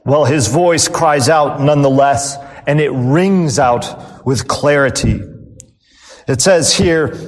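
Preacher man in a reverberant hall. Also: medium pitch. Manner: preaches with pauses, trailing off softly at phrase ends. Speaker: pastor. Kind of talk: sermon. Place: church.

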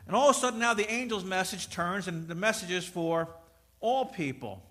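Male pastor, middle-aged, high voice, storytelling sermon with loud peaks and quiet asides. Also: fast talker. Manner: storytelling, swings from loud preaching to soft asides.

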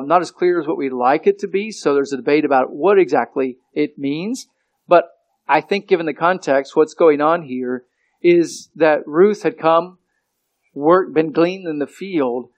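A man preaching an expository sermon, often repeating words and slowing down to stress key phrases. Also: a little high, a little mellow.

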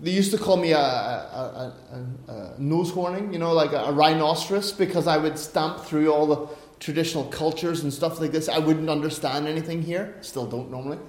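High-voiced Irish pastor in an echoey room. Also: male voice, brisk. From Ireland. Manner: chatty, anecdotal, self-deprecating preaching. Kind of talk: sermon. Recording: roomy echo.

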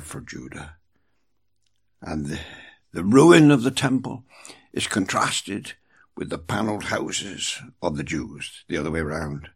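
A man preaching a sermon, slow and emphatic, his voice dropping low and quiet at the ends of phrases. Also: gravelly, husky. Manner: slow, emphatic preaching with dramatic drops in volume.

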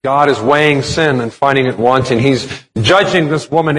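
A man's voice: medium pitch, normal speed, fairly bright tone. A man preaching a sermon as a pastor, explaining a text step by step and asking rhetorical questions. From United States.

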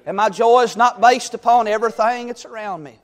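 A high-voiced, middle-aged man preaches with fervor. He swings from ringing exhortation down to soft, homey storytelling. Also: a little fast. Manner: fervent, swings from loud exhortation to quiet storytelling. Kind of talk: sermon.

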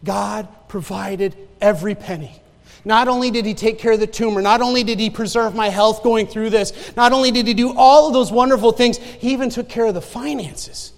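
A man's voice: high voice, normal speed. A man preaching a sermon in a church, telling stories in a conversational way with many restarts. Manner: conversational preaching, storytelling with laughs and repeated restarts. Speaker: pastor. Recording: church sanctuary with long reverb.

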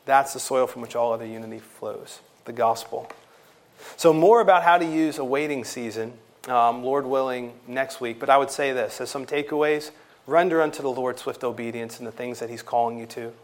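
A pastor preaching a sermon in a church, earnest and emphatic, with some fillers and rising intensity on key points. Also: male voice, medium pitch, moderate pace.

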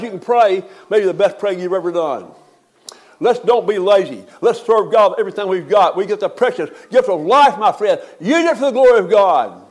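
An older man, a pastor preaching a folksy funeral sermon that swells to emphatic peaks. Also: high-pitched.

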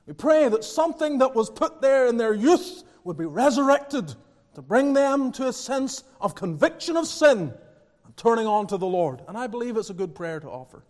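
A man preaching a sermon as pastor, earnest, moving between hushed and fervent passages. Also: very high voice. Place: church sanctuary. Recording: church with long reverb.

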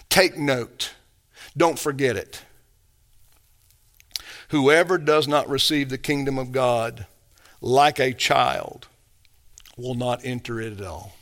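A man preaching a sermon as a pastor, emphatic, swinging between hushed and raised delivery. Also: a little high.

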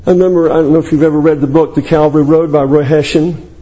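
A man preaching a sermon, emphatic and building to high declamation as he quotes scripture. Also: steady tone, fast, dark tone, muffled recording.

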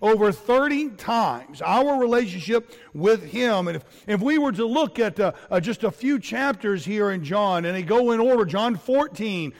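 A man's voice: sits high, animated, moderate pace, few pauses. A middle-aged man preaching a sermon as pastor, earnest, with repetitions and fillers. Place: church. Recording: long hall reverb.

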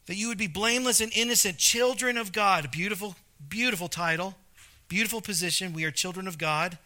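A man's voice: high voice, sharp tone. A man preaching a sermon as a pastor, conversational, often repeating words and acting out quotes in character.

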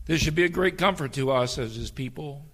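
Impassioned male preacher, bright tone. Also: a little high, fairly quick. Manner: impassioned preaching, dropping to near-whispers and rising to fervent climaxes. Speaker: pastor. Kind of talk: sermon.

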